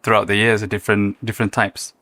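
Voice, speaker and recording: Man, young adult, Malaysian accent, bright voice, animated, casual interview guest. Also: lowish voice, fast talker, dry recording. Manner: animated, laughs often, mimics accents. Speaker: guest, content creator.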